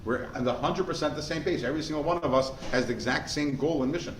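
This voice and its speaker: Animated rabbi quizzing his class. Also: a little high, quick pace. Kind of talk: lively lecture with questions to students. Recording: echoey room, faint background noise.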